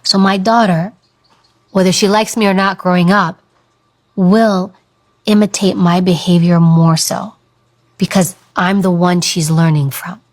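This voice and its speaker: A woman in her thirties giving an earnest motivational talk about owning your voice, slowing down to stress her points. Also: lowish voice, fairly even intonation. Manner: earnest, coaching, stretches words for emphasis. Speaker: speaker on confidence and voice.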